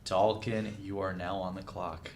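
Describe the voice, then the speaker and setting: A young man hosting a casual mock draft, brisk and teasing. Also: medium pitch, expressive, a bit bright. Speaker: draft host. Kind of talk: casual group chat.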